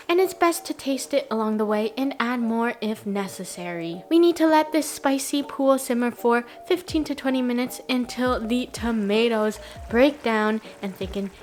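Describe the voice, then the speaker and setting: A woman hosting a cooking video in a casual, playful, jokey way, with sing-song asides. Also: on the high side. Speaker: cooking show host.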